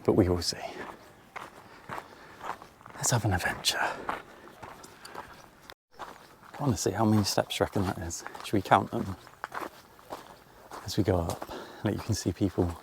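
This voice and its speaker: A man with a deep, steady voice, vocal fry and long pauses talks at a measured pace in a casual walk-and-talk vlog. Holding the camera as he climbs, breathless, across farm fields and a coastal path, he jokes at his own expense amid faint outdoor noise.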